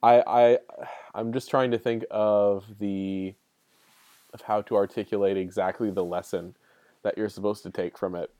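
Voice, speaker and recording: Man, low-pitched, warm mellow tone, thoughtful casual chat, dry sound. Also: little pitch movement, normal speed, no room sound. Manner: thoughtful, searching for words.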